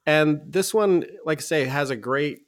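A man's voice: a little high, normal speed, no room sound, studio quality. A man co-hosting a music podcast, giving rambling, enthusiastic opinions and laughing often. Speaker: podcast co-host. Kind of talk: casual music review chat.

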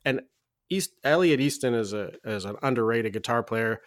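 A man's voice: medium pitch, normal speed, dry recording, clean studio sound. A man co-hosting a music podcast, giving rambling, enthusiastic opinions and laughing often. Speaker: podcast co-host. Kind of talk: casual music review chat.

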